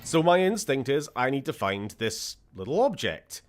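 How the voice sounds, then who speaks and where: A man's voice: medium pitch, very animated, moderate pace. A man from Scotland giving casual gameplay commentary as a streamer, sarcastic and jokey, swearing freely.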